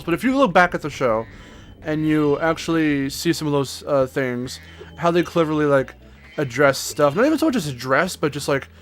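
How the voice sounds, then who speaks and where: A young man chatting casually as co-host, rambling, swearing and laughing often. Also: a little high. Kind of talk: casual chat.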